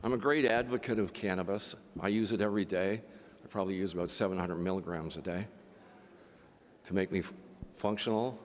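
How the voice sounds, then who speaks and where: A man's voice: deep voice, a little fast. An older man moderating a conference, telling a personal story and then making an impassioned appeal, his speech slightly slurred from facial palsy. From Canada. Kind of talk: conference talk. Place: large conference hall. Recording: long hall reverb.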